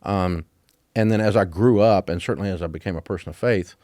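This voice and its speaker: A man in his sixties with a Southern American accent, spinning folksy stories with an easy chuckle. His voice sits a bit low. The sound is dry and close, with no room echo. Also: brisk, mellow. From Deep South of the US. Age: 60s. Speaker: guest. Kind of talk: casual interview conversation. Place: office at his headquarters.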